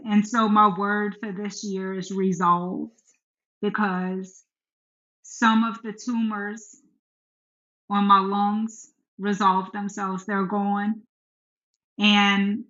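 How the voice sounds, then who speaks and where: A middle-aged woman, a podcast guest, telling a personal story earnestly and frankly about her faith. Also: mid-range voice. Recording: echoey room, dull sound.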